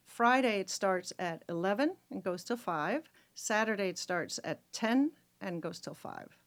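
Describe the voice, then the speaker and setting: Woman festival organizer, mid pitch, chatty, searching for words. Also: expressive, a little slow. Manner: warm, hesitant, many fillers and restarts. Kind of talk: casual radio interview.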